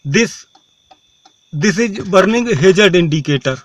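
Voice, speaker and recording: A man, talking to camera in a halting, repetitive way that keeps restarting phrases. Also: sits high, expressive. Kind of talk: rambling talk to camera.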